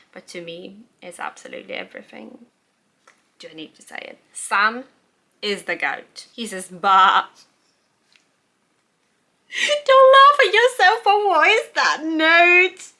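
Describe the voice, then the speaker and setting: A young woman with a bright, crisp voice gushes about her favourite books in a casual, rambling chat. She laughs at herself and reads out her old notes with plain delight. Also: fairly low pitch. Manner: gushing, rambling, self-mocking, laughs at herself. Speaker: book vlogger. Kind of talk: casual book review chat.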